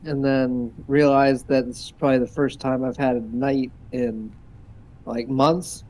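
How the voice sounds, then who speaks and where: A man playing in a tabletop game, musing in a relaxed way. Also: mid-range voice, unhurried, rough recording. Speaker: player.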